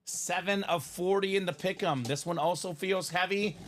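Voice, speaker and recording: Male live-stream host, fairly high voice, upbeat chatter, reads out chat names and picks. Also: moderate pace, a bit bright. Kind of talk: live stream banter and play-by-play.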